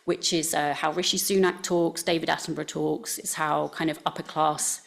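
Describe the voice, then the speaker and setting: Woman presenter, near-RP accent, deep voice with vocal fry, chatty delivery with plenty of ums. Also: level tone, normal speed. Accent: near received pronunciation English. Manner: conversational, with frequent fillers. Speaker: speaker giving a talk to scientists. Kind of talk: presentation talk. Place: talk venue.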